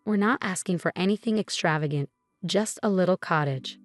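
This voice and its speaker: A woman's voice: fairly low pitch, normal speed, faint music behind, lightly acted. A woman voicing a pushy, scheming older mother-in-law who talks in a sweetly insistent, dismissive way.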